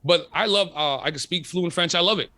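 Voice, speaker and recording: Guy radio host, high-ish bright voice, swears a lot, fired up, dry close sound. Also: brisk, no echo. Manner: animated, profane, emphatic storytelling. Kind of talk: casual interview chat.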